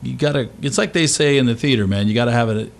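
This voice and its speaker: A man chatting as a guest in a radio interview, relaxed and easygoing, rambling with fillers. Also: medium pitch, fast talker, gravelly. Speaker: guest performer. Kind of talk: casual interview chat.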